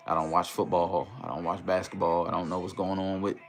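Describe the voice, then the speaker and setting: A man hosting a casual livestream in a relaxed, easygoing way, reading viewer comments aloud and greeting them. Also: low-pitched, brisk, soft background music. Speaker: livestream host.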